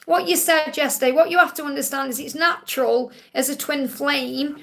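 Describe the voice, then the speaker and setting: A woman's voice: high voice, fairly even intonation, normal speed, creaky, fairly bright tone. A woman hosting a live-stream psychic reading, talking earnestly and emotionally with many fillers. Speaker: psychic medium host.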